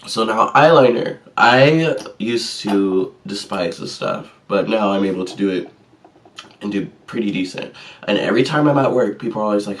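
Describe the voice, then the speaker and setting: Recorded from a distance, this male vlogger speaks at a moderate pace in a fairly low voice. Walking through a makeup tutorial, he keeps things chatty and sassy, poking fun at his own slip-ups.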